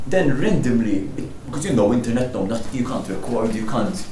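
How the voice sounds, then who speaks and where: A man's voice: medium pitch, lively intonation, normal speed, warm tone. Rambling man, roomy echo. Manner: rambling, joking, laughs often. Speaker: podcast host. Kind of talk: casual podcast chat. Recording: roomy echo, distant mic, faint noise.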